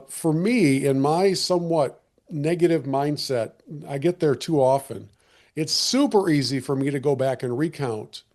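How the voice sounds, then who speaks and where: A man hosting a podcast conversation, earnest and reflective, often restarting his sentences, and slightly hoarse as he loses his voice. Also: mid-range voice, a little mellow. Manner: earnest, with frequent restarts and fillers. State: losing his voice. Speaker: podcast host.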